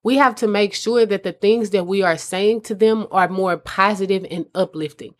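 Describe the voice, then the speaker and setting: A woman's voice: medium pitch, moderate pace. A woman giving earnest, conversational advice to mothers as a host. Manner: earnest, conversational, addresses listeners as mamas. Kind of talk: casual advice talk.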